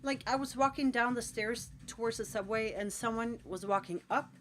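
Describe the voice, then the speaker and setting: A woman's voice: fairly high pitch, normal speed, fairly bright tone, soft background music. A Scandinavian woman in her forties, a tattoo artist chatting with viewers on a late-night live stream while painting at home. She rambles and encourages, with lots of "like.". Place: at home in a cold room, painting.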